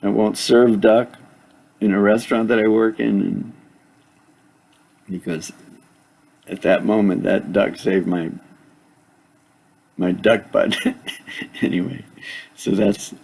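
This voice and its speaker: Gravelly, husky older man telling a story. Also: lowish voice, fairly even intonation, slow pace, pauses often, a little mellow. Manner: rambling, chuckling, with sound effects. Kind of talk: casual spoken anecdote.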